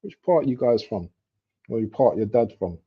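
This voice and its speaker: A young man chatting casually while he streams a football match live. He talks in street slang and breaks into excited outbursts at near misses. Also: fairly low pitch, moderate pace, husky. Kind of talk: casual live commentary chat. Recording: dull lo-fi stream audio.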